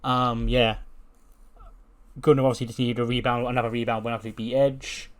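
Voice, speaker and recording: A man's voice: medium pitch, flat delivery, brisk. A man casually recapping a wrestling sim game, with plenty of fillers and swearing. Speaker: game channel host. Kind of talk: casual let's-play commentary.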